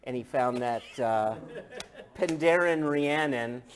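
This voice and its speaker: A man's voice: mid-range voice, slow pace. A man joining a casual panel talk as a co-presenter, easygoing with joking asides. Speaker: guest co-presenter.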